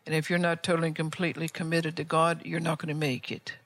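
A woman's voice: low-pitched, flat delivery, fast talker, no echo. Fervent older woman preaching, dry sound. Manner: fervent exhorting with rhetorical questions; frequent restarts and repeated words. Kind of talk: sermon before an altar call.

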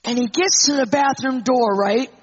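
A woman speaker telling an animated personal testimony to an audience, acting out the people in it. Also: sits high, normal speed, breathy edge. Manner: animated storyteller, acts out quotes. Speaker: Christian speaker. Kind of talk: storytelling testimony. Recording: muffled lo-fi recording.

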